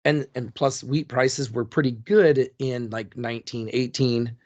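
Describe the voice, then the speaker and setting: A man's voice: medium pitch, steady tone, measured pace, darkish tone, highs cut off. A man co-hosting a casual history podcast, rambling with restarts and jokey asides. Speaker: podcast co-host.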